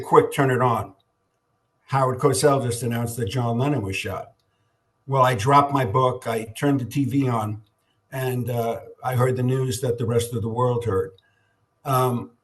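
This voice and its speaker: Older man telling a story haltingly. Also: mid-range voice. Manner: halting, repeats words, many ums. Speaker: guest, record company executive. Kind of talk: conversational storytelling.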